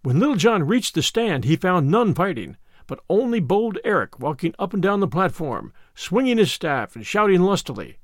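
Man giving an expressive storybook reading. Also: high-pitched, moderate pace, few pauses, no echo, clean studio sound. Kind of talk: reading a classic adventure tale aloud.

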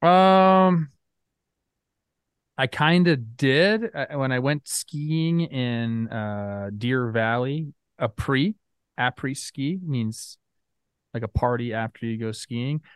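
Relaxed male sports co-host. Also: medium pitch, takes it slowly, smooth, no room sound, clean studio sound. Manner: relaxed, rambling, with filler words. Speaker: baseball show co-host. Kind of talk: casual sports talk.

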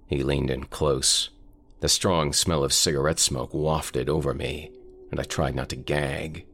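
A man narrating a first-person horror story in a measured, deliberate way. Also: very deep voice, steady tone, creaky, fairly bright tone, slight background noise. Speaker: voice actor narrator.

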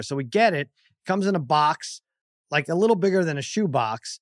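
A middle-aged man on a podcast, telling a funny story in an animated way and acting out the people in it. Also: on the high side, brisk, dry recording, clean studio sound. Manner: animated storyteller, raises his voice acting out scenes. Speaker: podcast guest. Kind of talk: casual chat.

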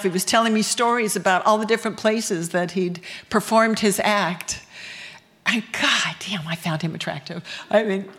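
A woman's voice: medium pitch, fairly bright tone. A woman from the United States telling a bawdy personal story on stage, candid and laughing as she goes. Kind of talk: live storytelling performance.

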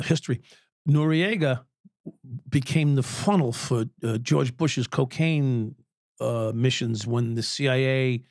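His mid-range voice has a darkish tone, clean studio sound, and no echo. The retired police officer, in his sixties, swears liberally as he tells stories on a podcast interview, laughing at his own yarns.

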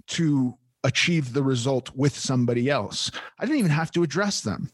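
A man's voice: medium pitch, lively intonation, moderate pace, hardly any pauses, dry recording. Candid, swearing man on a podcast. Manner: candid, swears casually, frequent restarts. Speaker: podcast host. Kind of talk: casual podcast chat.

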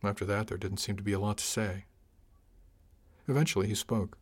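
Low-voiced male audiobook narrator. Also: steady tone, brisk, slightly rough. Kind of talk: first-person scripted narration.

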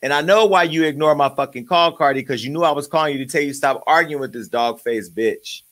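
A man's voice: a little high, fairly quick, fairly bright tone. A man hosting his own show, ranting in a profane, joking and angry way. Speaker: show host. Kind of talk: uncensored comedic rant.

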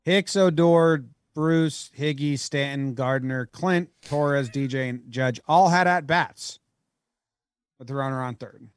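A man co-hosting a podcast, bantering casually about baseball in an animated, jokey way. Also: mid-range voice, slow, dry recording, studio quality. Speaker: podcast co-host. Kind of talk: casual sports chat.

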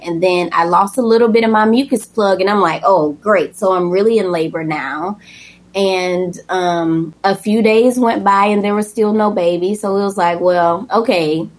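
A young woman talks casually and at length, telling a personal story in a chatty, animated way. She slips into a higher voice to act out what people said. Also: moderate pace, few pauses. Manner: chatty and animated, acts out quoted lines in a high voice. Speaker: guest telling her birth story.

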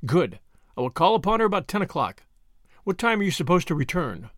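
A man voicing a shrewd, measured older lawyer in an audiobook, with a dry, authoritative delivery. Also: high voice, sing-song, dry recording. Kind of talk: audiobook character voice.

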